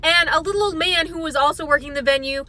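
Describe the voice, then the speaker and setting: Bright, high-voiced young woman joking wryly. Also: fast talker. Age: young adult. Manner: wry, self-deprecating, slips into mocking voices. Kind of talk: comedic storytelling monologue.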